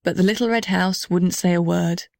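A woman's voice: fairly low pitch, steady tone, moderate pace, creaky, darkish tone, no echo. Woman reading a storybook aloud, dry. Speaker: narrator.

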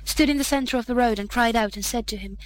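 A woman reading an old fairy tale aloud in a measured storybook manner. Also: on the high side, poor audio.

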